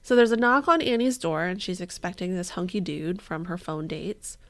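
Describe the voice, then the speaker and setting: A woman's voice: on the low side, normal speed. A woman co-hosting a podcast, telling a true-crime story in casual chat, swearing freely and acting out the people she quotes. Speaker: podcast co-host.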